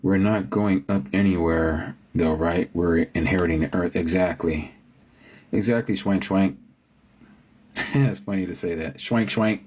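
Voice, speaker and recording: A man's voice: sits low, unhurried, a little mellow, a little hiss or hum. A man hosting a livestream, chatting with viewers about word pronunciations and reading scripture aloud. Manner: muses over word pronunciations, answers viewers. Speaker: livestream host. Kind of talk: casual live-chat talk with scripture reading.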